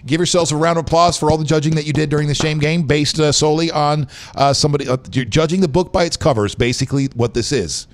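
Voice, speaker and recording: A man's voice: a little high, quick pace, hardly any pauses. A man hosting a live-streamed show, chatting loosely and joking with viewers. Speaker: show host. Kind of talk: casual live-stream chat.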